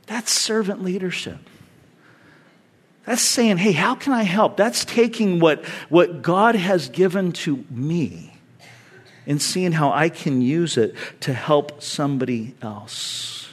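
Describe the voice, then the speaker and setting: A man's voice: sits high, expressive, moderate pace, a bit bright. A man preaching a conversational sermon as a pastor, earnest and acting out the voices he quotes.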